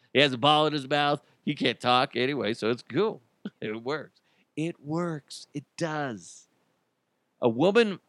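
A man's voice: medium pitch, a bit bright, no room sound. A man hosting a podcast in casual solo chat, rambling and joking with lots of filler words. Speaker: podcast host.

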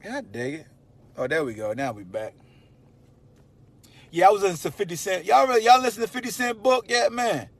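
Male podcast host, slightly high voice, loud animated slangy monologue with shouted emphasis. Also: brisk, pauses often. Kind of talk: casual sports talk monologue.

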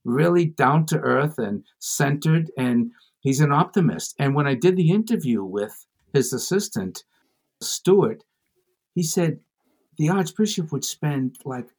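A male comedian telling an anecdote in a podcast interview, lively and playful, slipping into other voices as he tells it. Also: medium pitch, husky. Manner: animated, acts out voices in anecdotes. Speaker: comedian guest. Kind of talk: storytelling interview chat.

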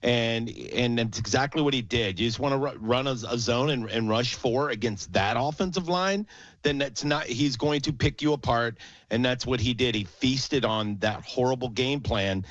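A man's voice: medium pitch, normal speed, fairly bright tone, no echo. A man co-hosting a casual sports podcast, ranting heatedly and swearing freely. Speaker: podcast co-host. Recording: dull lo-fi dry sound.

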